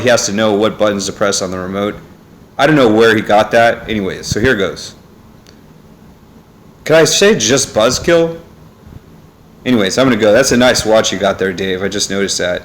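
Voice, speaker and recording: There's slight background noise as a young vlogger talks at home indoors, his phone on a neck holder. His voice is lowish and a bit bright, at normal speed, and he pauses often. The monologue is casual and meandering, full of fillers and asides.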